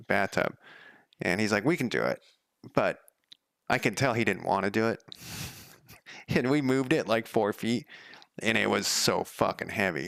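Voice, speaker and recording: A man's voice: fairly low pitch, gravelly, a bit bright, dry recording. A man developing a game on a live stream, chatting casually and rambling off on tangents as he thinks aloud. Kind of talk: casual live coding chat.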